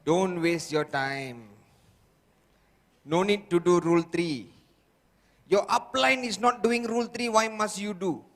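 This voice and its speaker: A man's voice: high-pitched, slow pace, long pauses, a bit bright, heavily acted. A man voicing a lazy, discouraging inner voice that scoffs at effort and tells the listener to quit. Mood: scoffing. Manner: dismissive, coaxing to quit. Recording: long reverb of a large hall.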